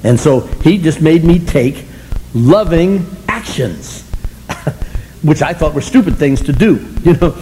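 An older man takes his time telling his story to a recovery meeting, his warm voice on the high side with lively intonation. Wry and self-deprecating, he chuckles often and doesn't mince words, using colorful phrasing. The rough recording has a little hiss or hum.

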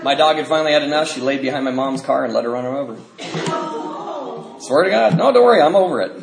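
A man telling his own story to a group, rambling with many fillers and dark jokes. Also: mid-range voice, expressive, quick pace, gravelly. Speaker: speaker sharing his recovery story. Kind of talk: personal storytelling talk. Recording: roomy echo, faint noise.

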